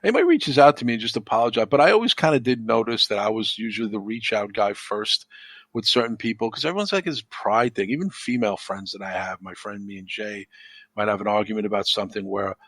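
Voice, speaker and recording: A man's voice: lowish voice, expressive, quick pace, a bit bright, no room sound. A man chatting as a podcast guest, telling stories with plenty of swearing and acting out the arguments he quotes. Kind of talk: casual chat.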